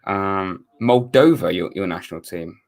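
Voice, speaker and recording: With a deep voice, moderate pace, and vocal fry, a young Englishman runs a live stream watchalong. He reads and answers viewer comments casually, rambling and self-correcting with sarcastic, wry asides.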